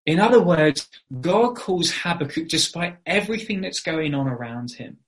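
A man's voice: fairly high pitch, sing-song, moderate pace. A man preaching an evening sermon, earnest and explanatory, with frequent fillers and restarts.

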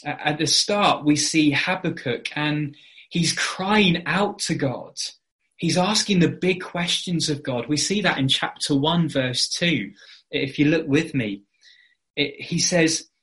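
A man's voice: a little high, slow pace, fairly bright tone. A man preaching an evening sermon, earnest and explanatory, with frequent fillers and restarts.

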